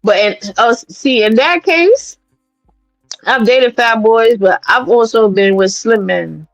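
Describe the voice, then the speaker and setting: A woman's voice: fairly high pitch, slow, no room sound, muffled recording, faint music behind. Blunt, profane woman from New York. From New York City. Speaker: streamer host. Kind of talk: casual commentary livestream.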